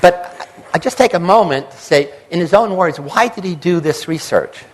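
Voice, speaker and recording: A man's voice: on the high side, lively intonation, normal speed, a faint crowd, a little hiss or hum, rough recording. An older man, a psychologist, giving a public lecture with emphatic lists and acted-out quotes.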